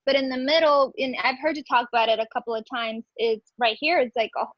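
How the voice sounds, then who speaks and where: A woman's voice: a little high, fairly even intonation, no echo, lo-fi sound. A woman calling in to ask for hair advice, eager and agreeable, chatting casually. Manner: eager, agreeable, quick to say okay. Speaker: caller asking for hair advice. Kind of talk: casual video call chat.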